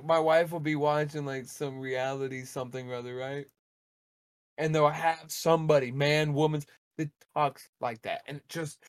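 A man's voice: fairly high pitch, fairly bright tone, no echo. A married man co-hosting a casual podcast, ranting animatedly and swearing freely. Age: adult, married. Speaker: podcast co-host.

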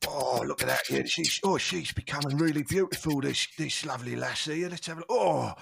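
A man in an improv comedy show playing a crude, gruff actor who plays a lonely cheese sculptor, in a coarse, mumbled voice. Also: on the high side, brisk, a bit bright, heavily acted. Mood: leering. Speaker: improv player.

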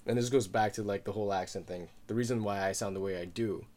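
A man's voice: lowish voice, fairly even intonation, quick pace, a little mellow. A man in his twenties who grew up in the Philippines, chatting casually in a loose, profane way, with lots of filler words and frequent laughs. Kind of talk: casual chat.

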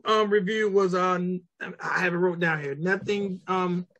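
A man's voice: high-pitched, moderate pace, lo-fi sound. A middle-aged man hosting a casual podcast chat, telling stories animatedly and acting out quotes. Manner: animated storyteller, acts out quotes, swears. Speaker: podcast host.

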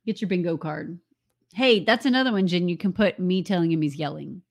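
A woman, co-hosting a podcast in casual, teasing chat. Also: lowish voice. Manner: teasing, chatty, quick to laugh. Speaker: podcast co-host.

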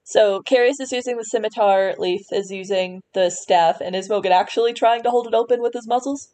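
A woman guiding a tabletop game as its game master. She describes each scene in loose, unscripted narration, pausing with fillers and restarting her sentences. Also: mid-range voice, dark tone.

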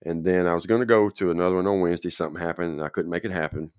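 Man, very deep voice, casual storytelling, rambling, dry close sound. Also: steady tone, very fast, clear, resonant tone, no echo. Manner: rambling, checks in with the listener often. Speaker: guest telling his recovery story.

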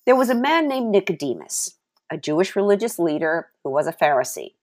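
A woman's voice: lowish voice, big pitch swings, fairly quick. A woman giving a devotional Bible teaching, mixing scripture reading with her own testimony and repeating key phrases for emphasis.

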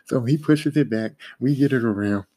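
A man casually telling a profane, animated story about a job that went wrong. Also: mid-range voice, moderate pace, husky. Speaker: podcast host telling work stories. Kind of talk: casual spoken anecdote.

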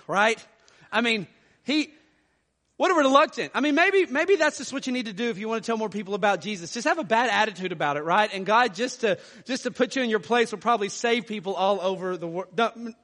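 Male pastor, high voice, animated sermon delivery in a reverberant church hall. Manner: animated, rising loud for emphasis, reads scripture aloud. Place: church sanctuary.

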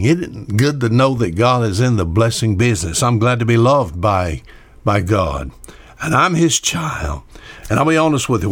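A man's voice: medium pitch, no room sound. Folksy older male radio preacher. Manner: folksy, conversational, repeats words with frequent uh fillers. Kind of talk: radio sermon.

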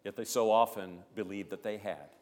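A man preaching a sermon as pastor, emphatic, swelling loud on key phrases and dropping low between them. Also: fairly even intonation, moderate pace. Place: church sanctuary. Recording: long church reverb.

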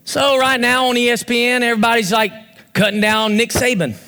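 A man preaching a sermon as pastor, animated and often shouting, with bursts of fast talk. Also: extremely high pitch, soft background music. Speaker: pastor and youth football coach.

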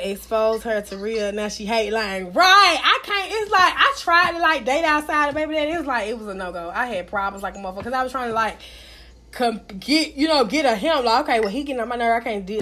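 Brash young woman storyteller, high bright voice, loud and unfiltered. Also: quick pace, slight background noise. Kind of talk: casual podcast chat.

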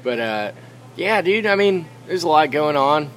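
A man's voice: on the high side, lively intonation, unhurried, fairly bright tone, a little hiss or hum. A man co-hosting a podcast in casual banter, riffing jokes and talking sports. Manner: joking, riffing, sports-fan talk.

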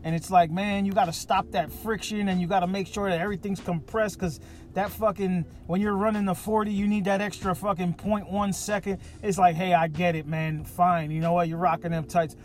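A man's voice: sits high, level tone, fairly quick, darkish tone. A man hosting a podcast, talking in a casual monologue that is profane, jokey and ranting. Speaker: podcast host.

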